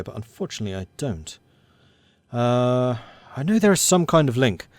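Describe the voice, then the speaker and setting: A man's voice: mid-range voice, big pitch swings, normal speed, no echo. A man streaming a strategy game, reading the event text in a put-on American accent that slips now and then, with chatty asides to his viewers. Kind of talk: live gameplay commentary.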